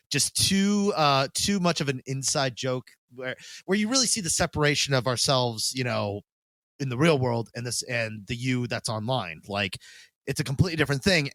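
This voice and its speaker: A man's voice: mid-range voice, fairly bright tone, dry recording. A man co-hosting a podcast in casual chat, rambling with lots of fillers, swearing loosely and laughing often. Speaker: podcast co-host.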